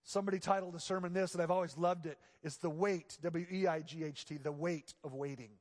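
Pastor preaching in a reverberant sanctuary. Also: male voice, on the high side, fairly even intonation, fairly quick, few pauses. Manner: swings between hushed, intimate passages and loud, emphatic exclamations. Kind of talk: sermon. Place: church sanctuary. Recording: long reverb of a large church hall.

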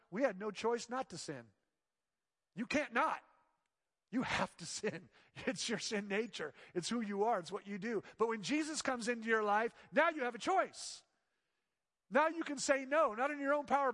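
A man preaching a sermon as pastor, swinging between loud emphatic lines and hushed soft ones. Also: very high voice, big-room sound.

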